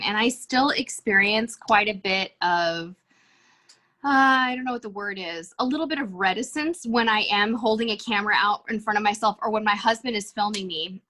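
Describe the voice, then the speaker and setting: A middle-aged woman who is a cruise vlogger speaks earnestly, reflectively and self-awarely as a guest in a podcast interview. Her voice is mid-range with a sharp tone.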